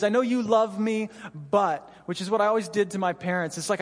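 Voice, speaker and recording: High-voiced man preaching in a reverberant hall. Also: fairly quick, hardly any pauses. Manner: earnest, conversational, frequent "you know" asides. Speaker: pastor. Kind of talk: sermon. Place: church hall.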